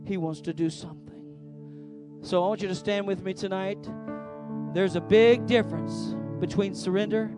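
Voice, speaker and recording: A pastor leading a church service preaches emphatically, swinging between loud declarations and hushed lines. He is a man with a high-pitched voice, fairly even intonation, and normal speed, with faint music playing behind him.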